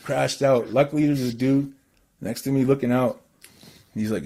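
A man from Canada telling a story in casual chat, excitable and rambling with lots of fillers. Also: medium pitch, normal speed.

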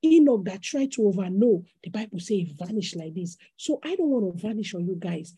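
A Nigerian woman pastor preaching an animated sermon, acting out little scenes as she goes. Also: mid-range voice, a little fast, slightly rough, no room sound. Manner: animated preaching, acts out voices in anecdotes.

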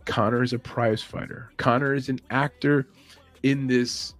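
A man's voice: mid-range voice, fairly even intonation, unhurried, a bit bright, faint music behind. Rambling opinionated man hosting a podcast. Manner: rambling, opinionated, chuckles often. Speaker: podcast host. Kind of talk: casual opinion chat.

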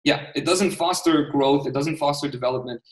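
Emphatic diaspora Armenian man, rapid pace, recorded in a roomy space. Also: fairly high pitch, far from the mic. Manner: passionate, emphatic, repeats words. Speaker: guest entrepreneur. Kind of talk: casual interview talk. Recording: roomy, off-mic sound.

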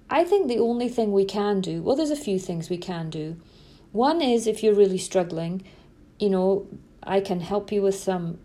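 A woman's voice: mid-range voice, dark tone. A middle-aged woman talking to parents as a parenting coach, speaking emphatically and repeating words for stress. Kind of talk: earnest spoken talk to parents.

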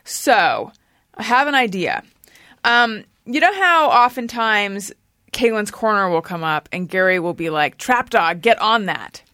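A woman hosting a podcast in casual group chat, animated, laughing often and pitching ideas to the group. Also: a little slow, no echo, studio quality. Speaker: podcast host.

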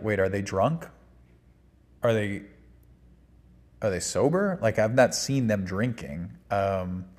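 A man giving a casual, rambling spoken movie review, full of fillers and restarts. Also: lowish voice. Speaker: film reviewer.

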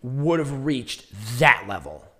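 A young man hosting a casual wrestling review podcast, hoarse from losing his voice, his voice squeaking and breaking as he rambles and laughs at himself. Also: big pitch swings, slow, sharp tone. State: hoarse, lost voice, voice cracking. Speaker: podcast host.

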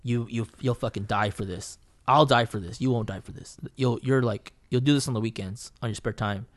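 A man's voice: medium pitch, brisk. A man, a painter and podcast guest, telling a story in casual chat, swearing freely and rambling through fillers and restarts.

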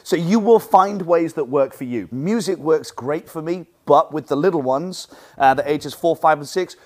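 A man who teaches martial arts, coaching other instructors in a lively teaching talk, projecting his voice and acting out what students say. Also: fairly high pitch, normal speed. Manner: loud projecting voice from the diaphragm.

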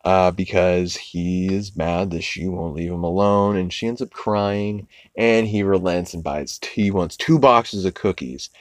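A man's voice: low-pitched, a little slow, hardly any pauses, dry recording, clean studio sound. A young man hosting a podcast, recapping cartoons in a loose, rambling way, swearing freely. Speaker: podcast host.

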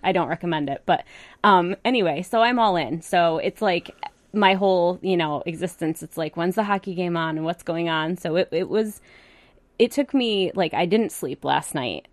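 A woman's voice: fairly low pitch, normal speed, no echo. A woman in casual chat, rambling with lots of fillers.

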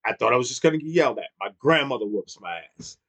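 Animated man in his thirties telling stories. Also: medium pitch, fast, husky. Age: 30s. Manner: animated, laughs often, swears freely. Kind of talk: casual storytelling chat.

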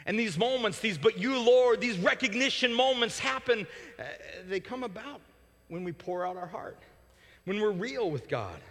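Pastor guy preaching hard, high bright voice, lots of hall echo, stutters on restarts. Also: animated. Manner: impassioned, rising to near-shouting peaks then dropping to soft prayer; repeats words in quick restarts. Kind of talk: sermon. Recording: long hall reverb.

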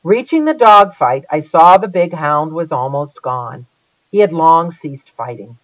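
Give me a lively first-person audiobook reader with a dry, slightly dull studio sound. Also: mid-range voice, unhurried, no room sound. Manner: lively, dramatic reading. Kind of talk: first-person storybook narration.

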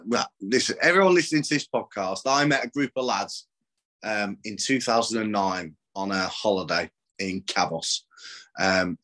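A man's voice: medium pitch, pushed and bright. A man, talking casually on a podcast, rambling, swearing and laughing often. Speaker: podcast guest.

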